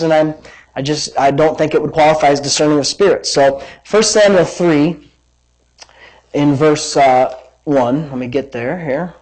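A man preaching a sermon as pastor, reading scripture with lively emphasis and wandering into personal asides. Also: fairly high pitch, poor audio. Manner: animated, dramatic scripture reading with rising emphasis; rambling asides and self-corrections.

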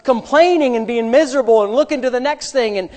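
A pastor preaches a sermon with animation, swinging between loud and hushed moments and adding humorous personal asides. His voice is very high-pitched, and he talks fast.

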